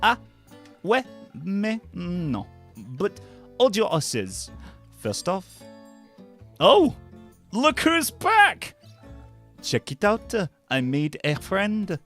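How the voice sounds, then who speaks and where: A man voicing a quirky French-accented tavern patron in a video game, playful and hammy, with a lively pitch and light music behind. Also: extremely slow, pauses often, full character voice. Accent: French (put on).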